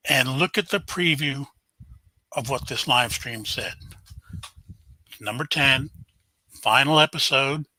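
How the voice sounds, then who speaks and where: Older man, very bright husky voice, dry close sound, casual live stream host greeting viewers. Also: medium pitch, no room sound, low-quality recording. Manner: chatty, greets viewers by name, jokes and sighs.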